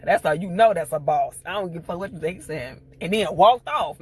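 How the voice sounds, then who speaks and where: A man's voice: sits high, animated, a little fast, a little mellow, husky. A man recapping a TV episode in a casual, profane storytelling style, acting out the scenes as he goes. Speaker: TV show reviewer.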